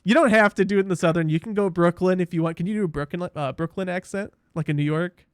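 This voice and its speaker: A man's voice: high-pitched, fast, smooth, no echo, clean studio sound. Rambling, talkative male podcast host. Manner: rambling, self-interrupting, laughs easily. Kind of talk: casual chat and script narration.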